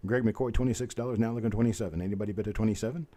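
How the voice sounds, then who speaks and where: A man with a drawl runs a live coin auction, chanting bids fast and then slowing down for chatty asides. His voice sits low, with a dark, mellow tone. He sounds like a seasoned middle-aged auctioneer. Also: fairly even intonation. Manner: rapid bid-calling chant mixed with folksy chatter. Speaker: auctioneer host. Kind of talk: live online auction calling.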